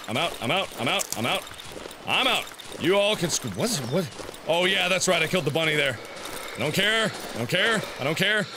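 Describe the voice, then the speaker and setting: A man in his twenties commenting as he plays a horror game, yelping and shouting when startled and talking back to the game. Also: high voice, noisy background. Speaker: gameplay commentator.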